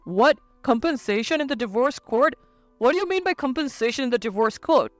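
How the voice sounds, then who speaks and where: Female narrator doing a whiny pleading ex-husband, close dry read, slightly high. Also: animated, normal speed, dry recording, soft background music. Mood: alarmed. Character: whiny selfish ex-husband, male company president. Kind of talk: storybook narration.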